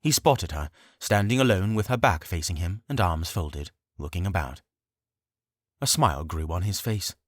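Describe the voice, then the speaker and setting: A man reading a fantasy audiobook as narrator, with steady, expressive storytelling. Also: low voice, normal speed, no echo, studio quality.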